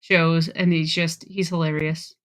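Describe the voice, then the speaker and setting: A woman's voice: sits low, level tone, unhurried. A woman co-hosting a podcast in casual chat, telling stories in a gushing, giggly way. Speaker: podcast co-host.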